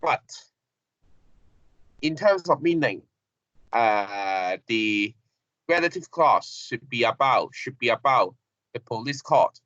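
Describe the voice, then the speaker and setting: A man teaching an English grammar lesson, halting and repeating phrases with many fillers. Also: medium pitch, lively intonation, fairly bright tone, no echo. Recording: dull lo-fi classroom recording.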